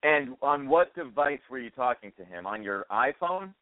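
A man's voice: mid-range voice, lively intonation, normal speed, dry recording. An American man hosting a casual chat by phone, swearing freely and adding wry asides. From United States. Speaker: podcast host. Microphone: phone call. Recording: dry, tinny phone line.

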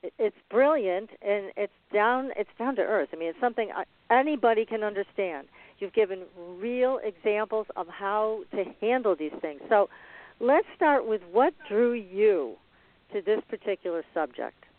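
Host gushing about a guest's work, mid pitch, dry phone-line sound. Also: expressive, moderate pace. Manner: effusive, full of praise. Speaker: interview host. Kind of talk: remote interview.

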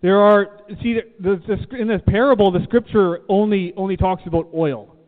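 A man's voice: high-pitched, steady tone, normal speed. A man preaching a sermon to a room, emphatic and repeating key phrases, asking the listeners questions. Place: church room. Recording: tinny phone-like sound, long reverb.

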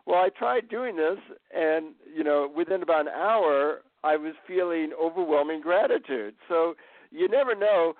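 A man, a guest author, telling relaxed stories in a casual interview. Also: a little high, a little slow, no room sound. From America. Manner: relaxed anecdotal storytelling. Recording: tinny phone line.

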